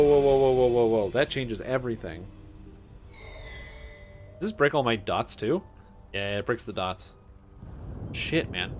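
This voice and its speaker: Young male streamer, mid-pitched, excitable and casual, faint music bed behind him. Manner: excitable, swears, chats with viewers; mimics characters in quick offhand voices. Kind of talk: casual gameplay commentary.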